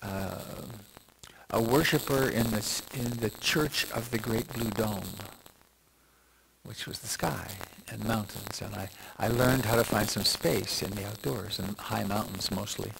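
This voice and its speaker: A man's voice: fairly low pitch, measured pace, vocal fry, background noise. An older man, a meditation teacher, giving a reflective, meandering dharma talk full of restarts and asides.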